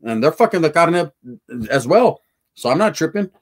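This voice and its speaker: A man's voice: on the high side, big pitch swings, normal speed. A man telling a profane, slangy street story to his live chat.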